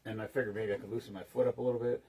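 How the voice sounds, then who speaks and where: A man's voice: fairly low pitch, steady tone, rapid-fire, background noise. A man casually chatting on a live stream, rambling between stories and greeting viewers by name as he mixes drinks.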